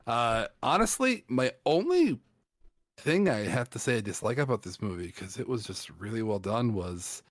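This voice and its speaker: A man's voice: medium pitch, big pitch swings, moderate pace, dry recording, clean studio sound. A man co-hosting a casual film review chat, speaking hesitantly with many ums and hedges. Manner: hesitant, lots of ums and hedging. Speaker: film podcast co-host.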